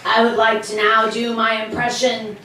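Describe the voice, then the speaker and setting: A woman's voice: on the high side, completely flat delivery, moderate pace, bright, forceful tone, slight background noise. A woman voicing a rambling talking rock. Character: female talking rock doing celebrity impressions. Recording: roomy and distant.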